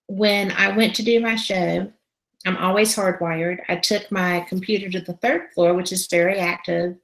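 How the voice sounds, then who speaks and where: A woman who is a paranormal investigator, telling a story as a guest in a casual interview. She is animated and acts out the conversations she describes. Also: on the low side, gravelly, echoey room, low-quality recording. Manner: animated, re-enacting conversations as she tells them.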